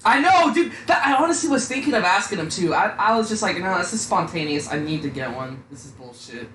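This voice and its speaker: A young man with a high, bright, pushed voice talks fast and with lively intonation, co-hosting a podcast. He rambles, swears a lot, and keeps saying "dude" in this casual, profane chat. The room is echoey with faint noise.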